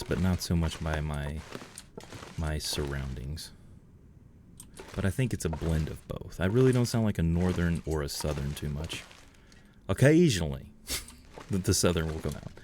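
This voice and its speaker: A man's voice: deep voice, normal speed, pauses often, a little hiss or hum. A man from Georgia in the US, chatting casually with his chat while playing a game on a livestream. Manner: relaxed, chatty, reads and answers chat. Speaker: livestream gamer.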